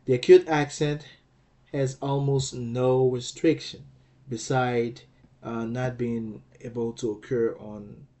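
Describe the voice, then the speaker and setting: Male teacher, mid pitch, unhurried and patient, spells out each syllable and checks understanding often. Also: steady tone, warm tone. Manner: patient, repeats and checks with "okay?"; sounds out words syllable by syllable. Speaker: language teacher. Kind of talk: slow explanatory lecture.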